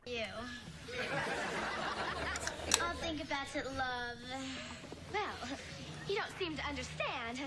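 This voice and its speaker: A woman's voice: high voice, animated, measured pace. A haughty snooty club girl. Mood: condescending. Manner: haughty, affected, condescending. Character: snooty teen girls of an exclusive club. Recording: playback of an old sitcom, loud noise.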